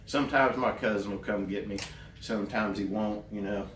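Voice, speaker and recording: A man playing a naive, earnest grown man who rambles slowly through a voicemail in deadpan comedy, recorded at a distance in a roomy space. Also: on the low side, slight background noise, close to an everyday voice. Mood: earnest rambling. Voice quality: rambling, meandering, slow and earnest. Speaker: comedy character leaving a voicemail. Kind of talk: deadpan character comedy monologue. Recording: roomy, distant mic, faint ambience.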